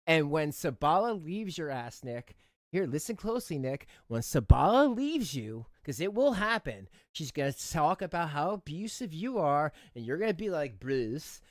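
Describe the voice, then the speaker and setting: Mocking, animated man reacting on stream. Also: a little high, no echo, studio quality. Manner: mocking, scornful, laughs a lot. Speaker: commentary streamer. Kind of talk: reaction commentary.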